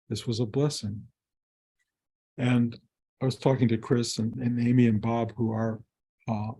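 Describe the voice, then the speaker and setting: A man's voice: mid-range voice, warm tone, breathy edge. A man, a spiritual teacher, telling a story to his community in a reflective, conversational way with wry, self-mocking humor.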